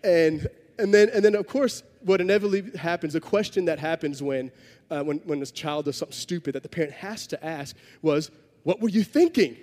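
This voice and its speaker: A man's voice: fairly high pitch, brisk, darkish tone, in a large hall. A man preaching a sermon, telling a story in a conversational way with self-deprecating humor. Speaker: pastor.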